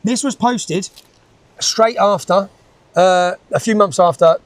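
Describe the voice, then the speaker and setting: A man's voice: high-pitched, takes it slowly, no room sound, rough recording. A man, a guest in a conversational interview, talking emphatically and repeating his points with tag questions.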